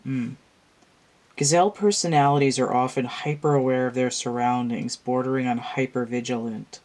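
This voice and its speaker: A woman's voice: very deep voice, steady tone, moderate pace, darkish tone. A tired, yawning woman reading tarot cards to a camera at home, musing aloud and meandering with restarts in a casual monologue. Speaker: tarot reader.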